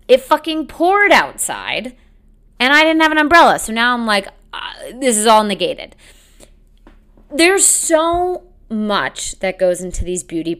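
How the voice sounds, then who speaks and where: A woman's voice: fairly high pitch, fairly bright tone. A young woman hosting a casual solo podcast, chatting in a rambling, self-deprecating way and laughing often. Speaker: podcast host.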